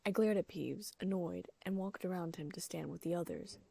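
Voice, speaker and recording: A woman with a low, gravelly voice reads a first-person audiobook. She lifts her pitch a little for the characters' lines. Her tone is dark and husky, recorded close and dry. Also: lively intonation, normal speed, no room sound. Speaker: audiobook narrator. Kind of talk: first-person fan fiction audiobook reading.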